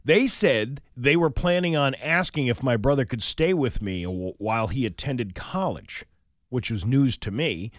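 This is a man hosting a morning radio show, reading listener stories aloud in a lively, swooping voice. He breaks off to chat and laugh with his co-host. The studio sound is dry and close. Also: medium pitch, normal speed, no room sound.

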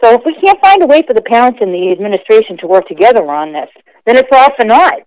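A woman school board member calling in to a radio show, speaking earnestly with a slightly gravelly morning voice. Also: a little high, sing-song, fast, darkish tone, dry recording, poor audio. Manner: earnest, emphatic, restarts phrases. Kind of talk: call-in conversation.

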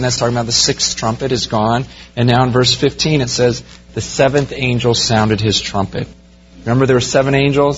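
Animated male preacher, faint hum. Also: mid-range voice, lo-fi sound. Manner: animated, rising to excited storytelling. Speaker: pastor. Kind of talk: sermon.

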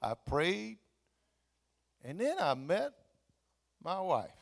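A man's voice: high voice, very slow, creaky. A man, a pastor preaching a sermon with playful, humorous storytelling. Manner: animated, playful, laughs at own jokes.

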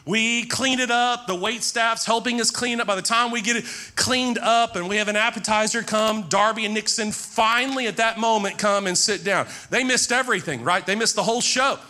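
A man in his forties preaching as a pastor, telling personal stories in a conversational way and praying in a low, soft voice. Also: normal speed. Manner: conversational storytelling, drops low and soft in prayer. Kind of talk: sermon with prayer and personal stories.

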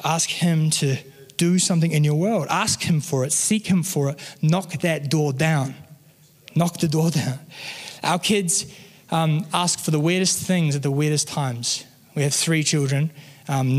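A man in his thirties preaches an earnest sermon in a conversational way, weaving in stories from his own life. His voice sits high for a man. The sound carries a long reverb, as in a church hall. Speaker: pastor.

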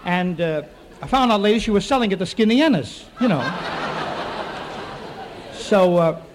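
A man telling a comic stage monologue to a live audience, with quick wisecracks and asides to the crowd. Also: on the high side, animated. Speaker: comedian and radio show host. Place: theater studio with live audience. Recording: faint noise on an old radio recording.

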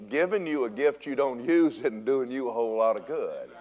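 A male pastor preaches a storytelling sermon in a church. His voice sits in the middle of the range. He swings from loud, punchy bursts to quiet, drawn-out lines. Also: medium pitch. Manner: animated storytelling with big swings in loudness, drops to a hush. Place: church sanctuary.

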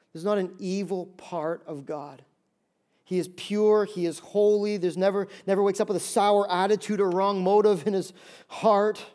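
A male pastor preaching a lively sermon, acting out little voices and jokes to make his points. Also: sits high. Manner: animated, acts out voices and jokes.

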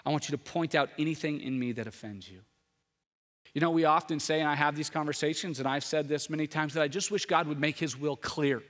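A male pastor delivers a sermon in a bright, forceful, slightly high voice. He swings between loud rhetorical questions and hushed, intimate passages. His voice carries a long reverb from a large church hall. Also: a little fast. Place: church sanctuary.

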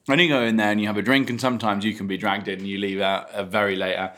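A man's voice: lowish voice, level tone, very fast, sharp tone. A man who trains racehorses, co-hosting a casual chat and telling stories with plenty of restarts. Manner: chatty, storytelling with restarts. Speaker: racehorse trainer, podcast co-host.

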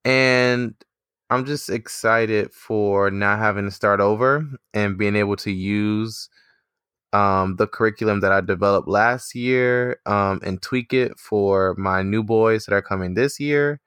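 A woman's voice: a bass voice, unhurried, a bit bright, clean tone, no room sound, clean studio sound. A woman in her twenties, a teacher co-hosting a podcast, chatting casually and laughing often.

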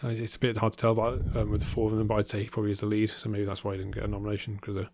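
A man's voice: fairly low pitch, completely flat delivery, very fast, darkish tone. A man co-hosting a podcast, chatting casually about films with many ums and restarts. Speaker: podcast co-host. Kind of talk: casual film review chat.

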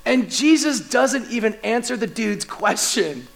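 Middle-aged male pastor, lively sermon voice that acts out scenes, pitched high. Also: moderate pace, gravelly, few pauses, poor audio. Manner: animated, acts out scripture scenes with pleading urgency. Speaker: lead pastor.

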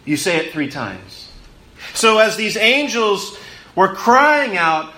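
A man delivers a sermon in a high, bright voice, slow and deliberate. He swells on key words, then drops low and hushed, repeating phrases for emphasis. The room around him is echoey. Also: big pitch swings. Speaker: preacher.

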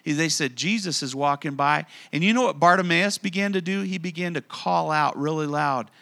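A man preaching a sermon in a church, animated and acting out the voices of people in the stories he tells. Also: on the high side, normal speed, gravelly. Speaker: pastor. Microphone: handheld or stand mic.

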